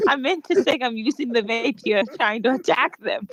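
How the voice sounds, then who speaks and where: A woman's voice: a little high, moderate pace, fairly bright tone, low-quality recording. A woman playing a tabletop game over chat, explaining her moves plainly. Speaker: player.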